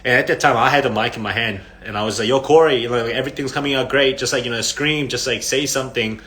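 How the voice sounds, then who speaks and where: A man's voice: medium pitch, fast talker, sharp tone. A young man chatting casually to fans on a phone livestream, rambling through stories with lots of fillers and frequent laughs. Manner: rambling storyteller, heavy "like" fillers, laughs often.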